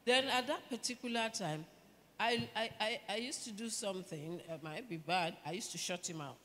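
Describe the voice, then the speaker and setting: A middle-aged woman with a Nigerian accent, gently telling her own story as a church panelist. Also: medium pitch, normal speed. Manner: gentle, reflective storytelling with laughter. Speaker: pastor's wife, panelist. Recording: reverberant church hall, faint ambience.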